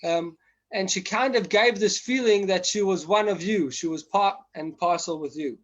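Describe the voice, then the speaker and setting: A man with a slightly high voice gives an informal teaching class. He talks haltingly, full of fillers and restarts, and brings stories to life by acting out the people in them. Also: muffled recording. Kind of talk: informal memorial class talk.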